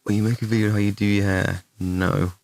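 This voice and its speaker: A man's voice: on the low side, little pitch movement, fast, vocal fry, a little mellow, dry recording. A young man with an English West Midlands accent, chatting on a livestream while he answers chat questions in a blunt, profane, rambling way. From England, West Midlands.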